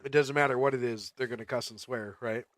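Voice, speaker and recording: A laid-back man streaming a game and chatting with his viewers, often laughing as he tells stories. His voice sits at an ordinary pitch and is recorded dry and close, with no room sound. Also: steady tone, fast, fairly bright tone, dry recording. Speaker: livestreamer. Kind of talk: casual livestream chat.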